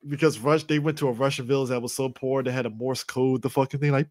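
A man's voice: medium pitch, steady tone, quick pace, few pauses, darkish tone, no echo, clean studio sound. A man co-hosting a casual podcast chat, cracking jokes and laughing often. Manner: joking, laughs a lot. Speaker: podcast co-host.

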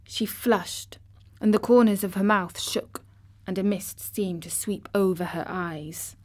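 A woman narrating a children's classic audiobook in a gentle, measured way. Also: medium pitch. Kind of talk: storybook narration.

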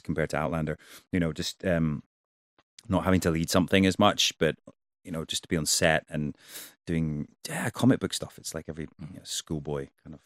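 Deep-voiced man, halting and laughing. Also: no echo, clean studio sound. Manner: halting, restarts sentences, laughs often. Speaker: actor guest. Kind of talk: casual interview chat.

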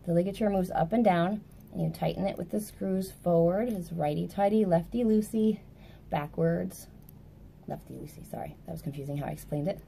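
A young woman, a music teacher, giving a casual clarinet tutorial indoors at a table, chatty and quick to correct herself. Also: fairly low pitch, vocal fry, dark tone, slight background noise.

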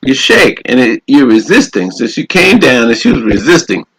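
A man's voice: medium pitch, very animated, normal speed, fairly bright tone, slightly rough, poor audio. A man, a radio minister, preaching and telling a personal story in a fervent, repetitive exhorting way. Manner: exhorting, repeats phrases, calls out "glory to God".

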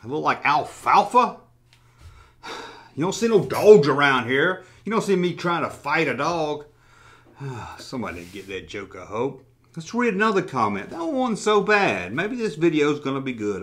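A toy-collecting YouTuber hosts a casual vlog, reading comments and swearing freely between sarcastic jokes. His medium-pitched voice is a bit bright and sing-song, at a normal speed.

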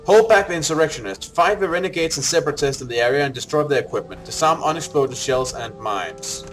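An easygoing man chatting through a co-op game session with friends, sometimes reading quest text aloud. His voice is a touch high and moves around a lot. Faint music plays behind him. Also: expressive, brisk. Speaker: co-op game player. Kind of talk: casual let's-play chat.

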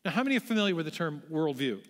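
A man's voice: on the high side, very animated, rapid-fire. A man giving a public lecture to a large audience in a church auditorium, explaining in a conversational way with the odd light aside. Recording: echoey hall.

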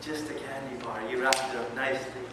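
A man's fairly quick, mid-range voice carries an animated, conversational sermon, as this Islamic lecturer often asks his listeners questions. It's recorded from far off in an echoey hall with plenty of noise.

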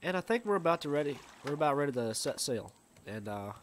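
A man's voice: a little high, big pitch swings, fast talker, background noise. A man casually commenting on a survival video game as he plays, thinking aloud and rambling with fillers. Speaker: gamer. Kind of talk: let's play game commentary.

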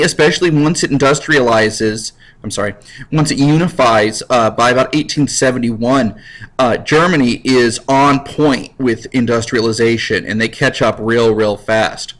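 Animated joking male history teacher. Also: mid-range voice, low-quality recording. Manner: jokey, acts out scenes in voices. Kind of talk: recorded classroom lecture.

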